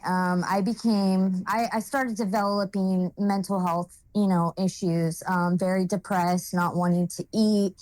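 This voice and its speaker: A young adult woman telling her own life story in a casual monologue, halting and searching for words, emotional and holding back tears. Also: fairly low pitch, darkish tone, no echo, low-quality recording. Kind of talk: personal testimony, casual monologue.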